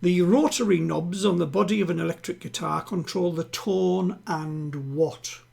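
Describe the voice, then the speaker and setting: Gravelly, husky man hosting a quiz. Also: high-pitched, darkish tone. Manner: chatty, reads each question twice, slowly. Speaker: quiz host. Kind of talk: live-streamed home quiz hosting. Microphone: home streaming setup.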